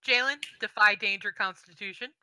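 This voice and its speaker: A woman narrating a tabletop game as game master, setting scenes in an unhurried way with fillers. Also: mid-range voice, background noise.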